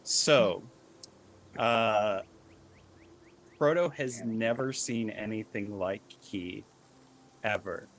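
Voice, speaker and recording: Game master, male, slow and measured narrator. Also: on the low side, a bit bright, slight background noise.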